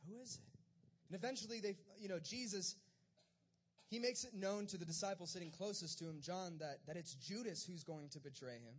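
A man's voice: high voice, brisk. A man preaching a casual, conversational sermon, retelling scripture and acting out the disciples' lines in everyday speech. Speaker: pastor.

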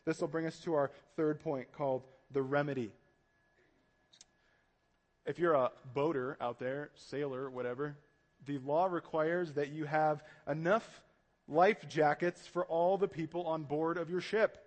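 A man preaching a sermon as pastor, animated and conversational, acting out panicked voices as he tells the story. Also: fairly high pitch, measured pace.

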